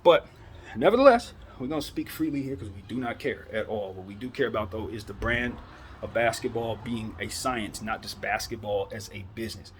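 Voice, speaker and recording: A man's voice: fairly low pitch, expressive, a little fast, slight background noise. A man hosting a basketball commentary show, giving a fired-up, preachy opinion monologue full of rhetorical questions.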